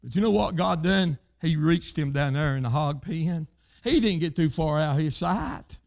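A man with a drawl delivers a sermon in a high, light voice. He preaches fervently, punctuating lines with repeated interjections. His delivery leaps from shouting to near-murmured phrases. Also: animated, moderate pace, creaky. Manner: fervent, repeated "hey" interjections, swings between loud shouts and low quiet lines.

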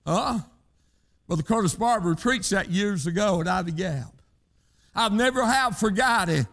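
A man's voice: sits high, animated, normal speed, gravelly, a bit bright. A man preaching a sermon in rhythmic, emphatic bursts, punctuated with "hey" and "huh" calls to the congregation, in plain country speech.

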